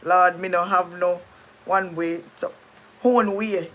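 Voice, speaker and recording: A woman's voice: fairly low pitch, steady tone, takes it slowly, a bit bright, a little hiss or hum. A middle-aged Jamaican woman hosting a casual livestream chat, rambling, restarting sentences and thanking viewers. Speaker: livestream host.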